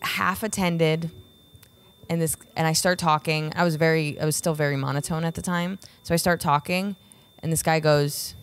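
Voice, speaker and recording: Animated low-voiced woman comedian. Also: moderate pace, clear, resonant tone. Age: middle-aged. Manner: animated, acts out quotes with jumps in pitch. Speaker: stand-up comedian, guest. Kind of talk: casual podcast chat, storytelling.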